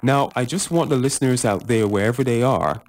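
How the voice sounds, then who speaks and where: A man's voice: mid-range voice, a little mellow. A man hosting a radio interview show, enthusiastic, stretching words for emphasis, with many uhs. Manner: enthusiastic, drawn-out emphasis, fillers.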